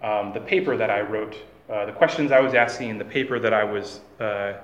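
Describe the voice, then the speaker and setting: A man giving a classroom lecture, halting, with many fillers and restarts. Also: lowish voice, roomy sound, a little hiss or hum.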